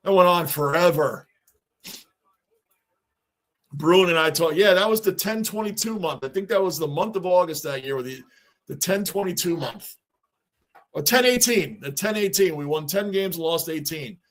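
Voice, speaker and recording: A man's voice: fairly high pitch, normal speed. Chatty New man riffing on sports. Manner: talkative, reads and answers chat, repeats himself. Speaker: livestream host. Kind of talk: casual livestream chat.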